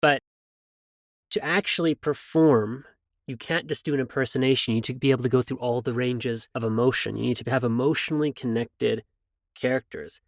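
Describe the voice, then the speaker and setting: A man's voice: medium pitch, steady tone, brisk, dry recording, studio quality. A man hosting a podcast who works in voiceover, talking earnestly and joking while praising his guest. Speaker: podcast host, voice actor. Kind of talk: casual interview chat.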